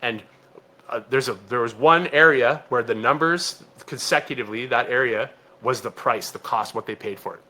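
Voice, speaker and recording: A man's voice: medium pitch, sharp tone, a little hiss or hum. A man co-hosting a casual comedy podcast, stumbling over and repeating words as he rants. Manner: halting, repeats words, ranting. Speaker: podcast co-host.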